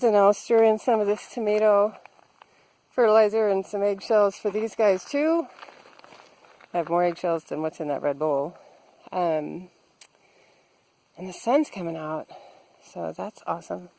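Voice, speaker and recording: A woman's voice: mid-range voice, measured pace, creaky, pauses often, warm tone, poor audio. A woman chatting casually as she vlogs her garden work, thinking aloud with fillers, recorded outdoors. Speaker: vlogger. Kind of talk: casual garden vlog narration.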